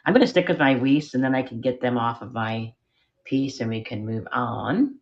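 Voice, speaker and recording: A woman's voice: rumbling low, normal speed, a little mellow, muffled recording. A middle-aged woman selling vintage jewelry on a live stream, chatting casually and rambling as she shows each piece from a spare bedroom at home. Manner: chatty, rambling, self-deprecating. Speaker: online jewelry seller. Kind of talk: live-stream auction chat.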